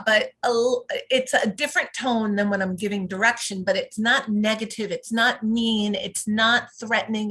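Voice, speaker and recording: Calm instructive woman coach, fairly high voice. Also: low-quality recording. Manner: calm and instructive, lively when modeling praise. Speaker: parent coach. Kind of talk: teaching talk on live video. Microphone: video call.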